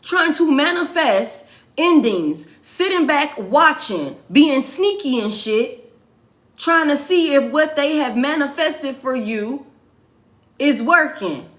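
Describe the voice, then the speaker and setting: A woman's voice: high voice, expressive, takes it slowly, a bit bright. A woman giving a casual tarot reading, swearing freely and repeating her points for emphasis. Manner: profane, emphatic, repeats phrases. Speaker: tarot reader.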